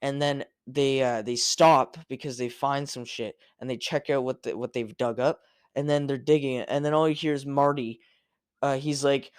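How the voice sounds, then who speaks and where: A man's voice: medium pitch, steady tone, moderate pace, smooth, no echo. Rambling, profane young man, dry mic. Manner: rambling, profane, with many restarts and fillers. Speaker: podcast host. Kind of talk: casual solo podcast rant.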